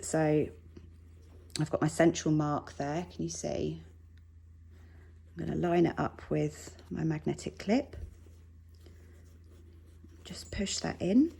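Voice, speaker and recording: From her home sewing room, a woman teaches a sewing tutorial in a deep, mellow, husky voice with vocal fry, speaking slowly and pausing often. She's chatty and reassuring as she works, tossing in self-deprecating asides.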